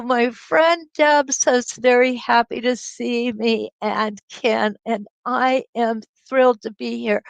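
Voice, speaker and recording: A woman's voice: sits high, vocal fry, dry recording, poor audio. A middle-aged woman hosting a live quilting stream, chatting and laughing as she greets viewers by name over a webcam mic. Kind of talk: casual livestream chat greeting viewers. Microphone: computer webcam mic.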